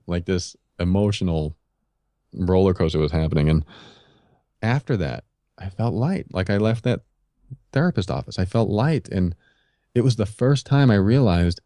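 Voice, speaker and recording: A man's voice: low-pitched, moderate pace, long pauses, mellow, dry recording, studio quality. A middle-aged man, a podcast guest, telling a candid personal story and giving earnest, confessional advice. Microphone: podcast microphone.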